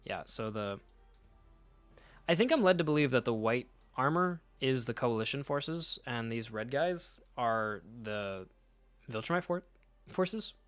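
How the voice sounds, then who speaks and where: A man's voice: mid-range voice, animated, measured pace, fairly bright tone, dry recording, soft background music. A man casually reading through comic issues and chatting about them, joking, swearing freely and correcting himself mid-sentence. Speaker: comic book reader and commentator.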